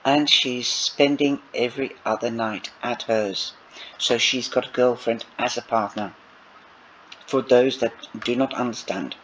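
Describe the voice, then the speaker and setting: A man's voice: mid-range voice, measured pace, a bit bright. A man reading a novel aloud and breaking off for chatty asides to his listeners, in a dull lo-fi recording. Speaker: audiobook reader. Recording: dull lo-fi recording with faint noise.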